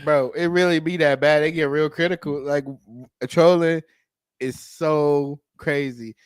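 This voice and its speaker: Male podcast co-host, slangy and animated, casual chat, dry mic. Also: fairly high pitch, measured pace, clean tone, no room sound.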